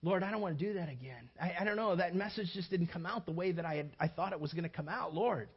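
A man's voice: high voice, quick pace, husky, lo-fi sound. A male pastor preaching a sermon, acting out everyday scenes with playful shifting voices. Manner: animated, acts out little scenes with shifting voices.

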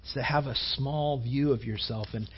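A man's voice: medium pitch, fairly even intonation, normal speed, muffled recording, slight background noise. A man preaching a sermon to young men, rambling in a chatty way with many fillers and rhetorical questions.

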